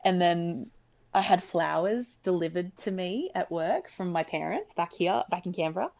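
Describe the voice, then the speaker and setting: A young woman with a low voice and a gravelly edge to it talks casually, dropping in plenty of likes and ums. The audio sounds dull and lo-fi. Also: expressive, moderate pace, a little mellow, a little hiss or hum. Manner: chatty, frequent likes and ums. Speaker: emergency department nurse. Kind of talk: casual podcast chat.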